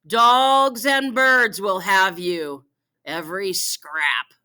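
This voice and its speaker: A woman voicing a merciless warrior man, declaiming slowly and with scorn in a classroom. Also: mid-range voice, sharp tone, voice pushed down. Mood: scornful.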